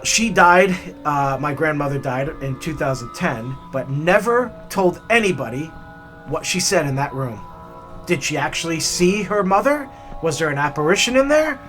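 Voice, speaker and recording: A man hosting a hiking vlog and telling stories in an animated, chatty way with many fillers. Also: a little high. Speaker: hiking vlogger. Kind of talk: storytelling narration.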